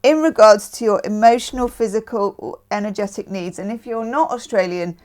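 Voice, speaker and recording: A woman's voice: medium pitch, a little fast, darkish tone. A woman from the UK hosting a casual tarot reading, chatting with self-mocking asides. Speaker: tarot reader.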